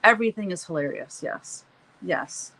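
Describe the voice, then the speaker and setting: A woman's voice: on the low side, expressive, moderate pace, gravelly, bright, forceful tone, poor audio. A middle-aged woman hosting a live stream, chatting casually and laughing often while she paints and reads the chat.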